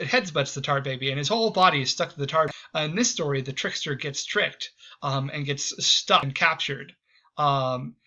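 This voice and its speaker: Male history host, casual lecture, hesitant with frequent ums, bright forceful voice, somewhat high. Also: dull audio. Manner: hesitant, many ums and restarts.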